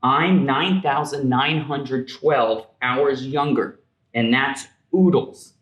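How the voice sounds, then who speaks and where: Storybook girl, young, stubborn, insists on her share; a man reads it slowly with a lifted voice, roomy sound. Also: medium pitch, a bit bright, muffled recording. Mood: proud. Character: bold stubborn little girl, Madeline.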